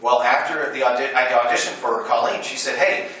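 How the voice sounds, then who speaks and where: A middle-aged man, a voice actor and convention panel guest, telling lively anecdotes with frequent laughter and acted-out quotes. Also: mid-range voice, fairly quick. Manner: animated storyteller, laughs often, quotes others. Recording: roomy hall recording from far off with noise.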